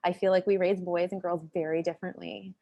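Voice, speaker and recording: A woman's voice: fairly low pitch, level tone, fairly quick, warm tone, highs cut off. A woman guest educator in a video-call interview, speaking earnestly and giving advice about raising girls. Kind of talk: conversational interview.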